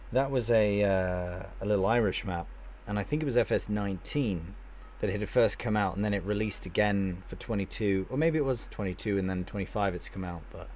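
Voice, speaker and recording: A chatty male game streamer with a fairly low voice talks loosely to his viewers. He answers their comments one by one and often stops and restarts mid-sentence. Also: moderate pace, a little mellow, slight background noise. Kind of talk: casual live-stream chat with viewers.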